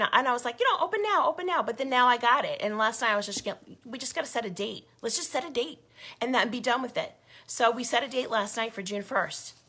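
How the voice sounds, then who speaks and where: A woman's voice: fairly high pitch, sharp tone. A woman giving a passionate, indignant update to her group's followers, emphatic and given to repeating herself. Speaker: grassroots group leader. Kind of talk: impassioned video update.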